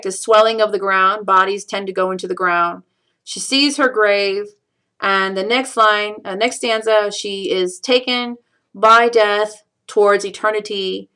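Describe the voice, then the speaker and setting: A woman teaching a screencast lesson on a poem, reading lines slowly and counting syllables aloud, with patient explanations and frequent fillers. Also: mid-range voice, fairly bright tone, smooth. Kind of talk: recorded screencast lecture.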